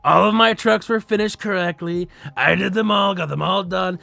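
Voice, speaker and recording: A man's voice: sits high, brisk, creaky, hardly any pauses, a bit bright, no room sound. A young man streaming, telling a work story in a rambling, profane way, with frequent laughs and restarts.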